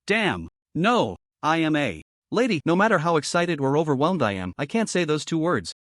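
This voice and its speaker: A flustered young woman warrior in an audio story recap, smitten and exclaiming, with a high, lively delivery, as a male narrator reads her lines. The sound is dry and close. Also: normal speed, no room sound. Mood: astonished.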